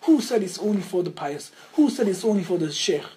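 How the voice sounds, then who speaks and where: A man giving a religious lesson, earnest and storytelling, often repeating his phrases for emphasis and dropping to hushed tones for quotes. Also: sits high, lively intonation, brisk, slight background noise, poor audio. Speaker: Islamic teacher.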